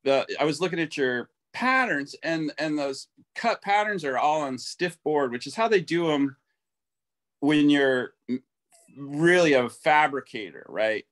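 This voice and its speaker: A man's voice: fairly high pitch, animated, measured pace, fairly bright tone. A man in a casual conversation, thinking aloud with enthusiasm and stringing ideas together in long run-on stretches.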